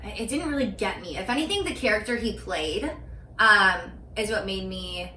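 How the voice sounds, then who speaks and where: A woman's voice: mid-range voice, normal speed, bright, forceful tone, reverberant, recorded from a distance, slight background noise. A woman co-hosting a podcast in casual chat, chatty and blunt, swearing freely. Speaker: podcast co-host.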